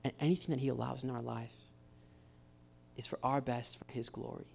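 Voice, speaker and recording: A man's voice: medium pitch, fairly even intonation, fairly quick, vocal fry, a little mellow, a little hiss or hum. A man preaching a casual, encouraging sermon at a church gathering. He speaks informally and keeps calling his listeners "guys.". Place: church gathering with live guitar. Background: faint guitar.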